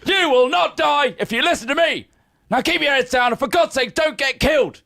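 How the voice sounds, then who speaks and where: A man voicing a loud, foul-mouthed male army drill sergeant who bellows crude insults in a hobby script read-through. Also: very high voice, moderate pace, vocal fry, exaggerated voice. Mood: bellowing.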